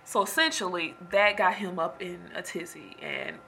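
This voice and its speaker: A woman telling a personal story in casual chat, animated and emphatic, preaching to her listeners. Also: fairly low pitch, moderate pace, creaky, slight background noise. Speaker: storyteller venting to viewers.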